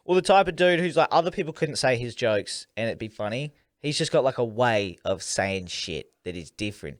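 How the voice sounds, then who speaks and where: A man's voice: medium pitch, lively intonation, a little fast, no echo, studio quality. A young man co-hosting a podcast in casual chat, laid-back and sweary, laughing often. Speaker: podcast co-host.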